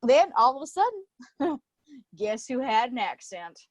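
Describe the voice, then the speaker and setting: An anxious, stammering young man talks in a folksy put-on Texan drawl, read by a woman. The voice sits a little high and is recorded dry and close. It is a live play reading. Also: big pitch swings, unhurried, no echo, full character voice. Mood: nervous. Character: nervous young man with OCD, cowboy twang.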